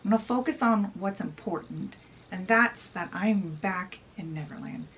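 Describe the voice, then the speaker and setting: A woman's voice: mid-range voice, moderate pace, a bit bright, distant mic, close to an everyday voice. A woman voicing a lonely, scheming young pirate captain with a fawning, falsely polite manner. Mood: ingratiating.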